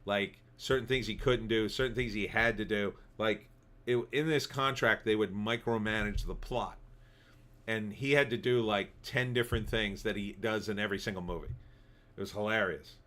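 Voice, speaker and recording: A man's voice: fairly low pitch, moderate pace, fairly bright tone. A man hosting a livestream, rambling casually as he reads viewer comments. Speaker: livestream host. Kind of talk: casual commentary reading chat.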